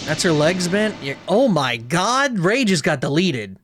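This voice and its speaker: A man's voice: high-pitched, sing-song, unhurried, hardly any pauses, a bit bright. A man streaming a video game, chatting casually and crudely with jokes and swearing. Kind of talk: let's play commentary.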